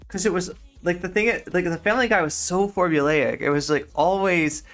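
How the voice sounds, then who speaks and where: With soft music in the background, a woman rambles casually on her gaming live stream, filling her speech with lots of filler words. Her voice is lowish and fairly quick.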